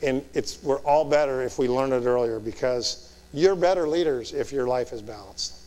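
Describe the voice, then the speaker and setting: Officer students hear a direct, motivational leadership talk from a military commander in his fifties. He speaks at a moderate pace in a mid-range, slightly mellow voice, asking rhetorical questions and checking "Okay?", all echoing with the long reverb of a large hall.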